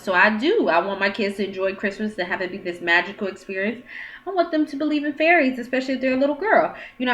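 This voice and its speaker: A woman's voice: mid-range voice, a bit bright. Frank, chatty woman giving dating advice. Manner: frank and chatty, with quoted dialogue and questions. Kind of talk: casual advice monologue. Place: at home, with her child nearby.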